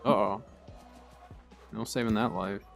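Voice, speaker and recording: Young man, game streamer, lowish voice, casual tactical commentary, faint background music. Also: a little slow, gravelly. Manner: relaxed, explains tactics while playing, bursts of excitement in fights.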